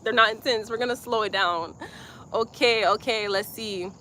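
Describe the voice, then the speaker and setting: A young woman from Georgia, leading a live-streamed yoga class with soft, slow breathing cues and chatty asides. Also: mid-range voice, a little hiss or hum. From Georgia, USA. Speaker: yoga instructor.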